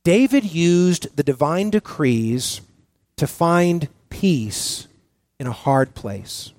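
A male pastor delivers a sermon in an earnest, halting way, circling back with fillers and restarts as he works toward his point. His voice sits a little higher than most men's. The recording is dry and close, with almost no room sound. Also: animated, darkish tone, no echo.

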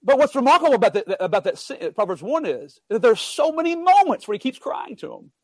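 Earnest preacher with a high voice. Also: male voice, big pitch swings, fairly quick, no echo. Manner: earnest, emphatic, builds up and drops to quiet asides. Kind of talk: sermon.

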